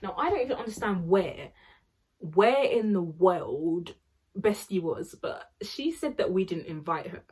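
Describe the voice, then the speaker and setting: Chatty husky young woman telling a story. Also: fairly low pitch, animated, unhurried, a little mellow. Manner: chatty, rambling, full of fillers and laughs. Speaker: vlogger. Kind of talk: storytime vlog.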